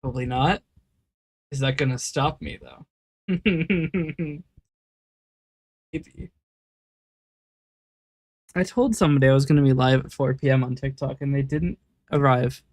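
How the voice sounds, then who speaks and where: A man's voice: mid-range voice, measured pace, pauses often, a little mellow, dry recording. Joking American man streaming. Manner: joking, swears casually. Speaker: streamer, host. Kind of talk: casual livestream chat.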